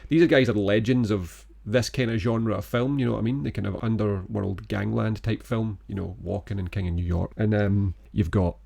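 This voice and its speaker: A man co-hosting a film podcast in easygoing, rambling chat. His voice sits on the low side with a gravelly edge of fry. He sounds keen and a little meandering. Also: normal speed, few pauses. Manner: relaxed, rambling, enthusiastic. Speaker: podcast co-host. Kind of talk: casual film-review chat.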